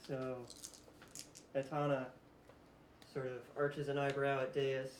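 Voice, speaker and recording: A man's voice: mid-range voice, takes it slowly. Man game master narrating a tabletop game. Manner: relaxed, laughs often. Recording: roomy echo, faint hiss.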